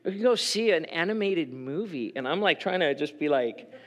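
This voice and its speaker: Earnest, bright-voiced male preacher. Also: a little high, moderate pace. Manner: conversational, earnest preaching with frequent restarts; emotional, openly expressive. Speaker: pastor. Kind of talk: sermon.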